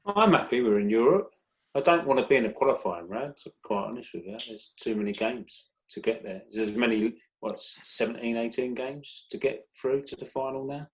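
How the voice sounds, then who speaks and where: A man's voice: medium pitch, lively intonation, a little fast, low-quality recording. A man giving casual, plain-spoken opinions on a football fan podcast. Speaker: podcast panelist. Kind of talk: casual chat.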